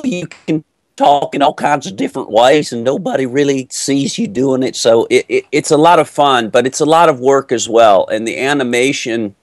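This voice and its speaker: A middle-aged man from Texas, an actor answering interview questions in a playful, animated storytelling way. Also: medium pitch, no echo.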